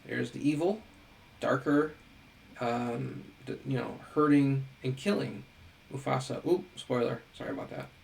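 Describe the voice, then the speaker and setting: A man's voice: mid-range voice, measured pace, creaky, darkish tone, a little hiss or hum, rough recording. A middle-aged man giving a recorded lecture on teaching. He talks in a conversational way, asks rhetorical questions and keeps checking in with "right?". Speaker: education lecturer.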